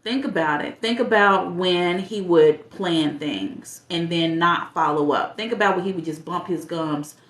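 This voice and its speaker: A woman life coach with a St. gives direct dating advice in a casual monologue, speaking straight to the viewer with pointed questions. Her voice is lowish, fairly bright and unhurried, with hardly any pauses, and she sounds a bit stuffy from allergies. The sound is roomy.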